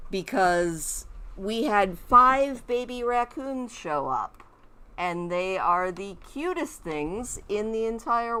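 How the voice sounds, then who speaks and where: A woman's voice: a little high, sharp tone, clear, resonant tone. A woman streaming a game from home, chatting and rambling casually to her viewers. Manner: chatty, rambling, talks to her pet raccoons in a cooing voice. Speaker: gaming streamer. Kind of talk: casual chat while streaming.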